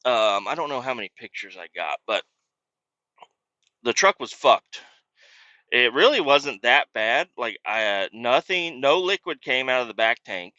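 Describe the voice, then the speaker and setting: This male podcast host is very animated yet unhurried, his sharp, medium-pitched voice carrying a loose, foul-mouthed, self-deprecating story that wanders as he talks. It's a dry recording with the highs cut off.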